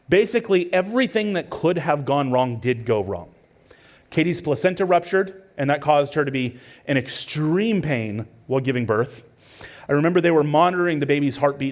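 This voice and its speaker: A pastor from California, a man in his thirties with a medium-pitched voice, preaches a sermon through earnest storytelling that swings between hushed and urgent.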